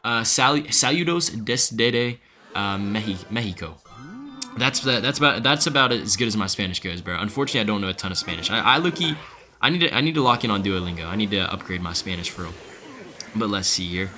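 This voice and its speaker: A young man giving casual, excitable live commentary on his gameplay while chatting with viewers. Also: on the low side, quick pace. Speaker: streamer. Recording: faint music behind.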